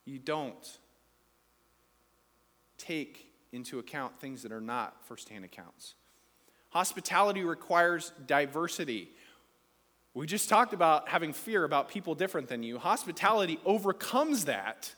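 Pastor preaching with emphatic repetition. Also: male voice, high-pitched, fairly bright tone. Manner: emphatic, repetitive preaching with rising, punchy phrases. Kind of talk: sermon. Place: church hall. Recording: long hall reverb.

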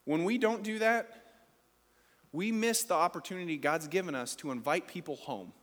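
Pastor, male, higher register, chatty sermon with loud emphatic peaks; reverberant church hall. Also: moderate pace. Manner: conversational preaching, rising emphatic peaks. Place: church sanctuary.

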